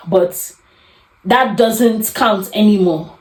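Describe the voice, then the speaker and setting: Animated woman podcaster. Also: mid-range voice, normal speed. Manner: animated, acts out quoted arguments. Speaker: podcast host. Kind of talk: casual advice talk. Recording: echoey room.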